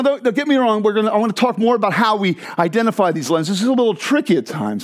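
A man preaching a sermon to a crowd in a church hall, joking and asking the listeners questions. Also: sits high. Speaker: pastor.

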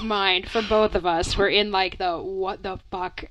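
A woman's voice: medium pitch, fairly even intonation, measured pace, raised voice, noisy background. A woman co-hosting a podcast in casual chat, prompting the story along and laughing often. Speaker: podcast co-host.

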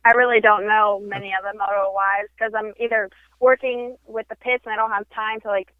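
A woman's voice: medium pitch, flat delivery, a little fast, clean tone, dry recording. Bubbly young woman on a tinny phone line. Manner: bubbly, upbeat and talkative. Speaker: guest, brand promo model. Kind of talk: casual interview by phone.

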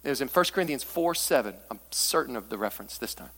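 Male pastor, fiery sermon delivery, very animated pitch, long church-hall reverb. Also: fast talker. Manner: impassioned, swings from hushed to near-shouting. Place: church sanctuary.

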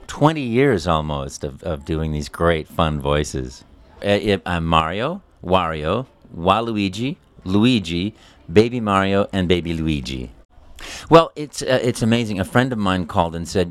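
A voice actor telling a story in an interview, animated and quick to slip into character voices. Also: male voice, deep voice, no echo.

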